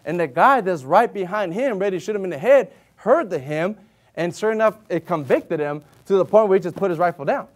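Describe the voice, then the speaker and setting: A man with a noticeably high-pitched voice delivers a sermon, talking to his listeners like friends but leaning hard on the words that matter. When he reads from the Bible he slows into a steady, measured cadence. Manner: earnest and conversational, rising to emphatic stresses; reads scripture in slow, measured King James cadence. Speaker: lay preacher.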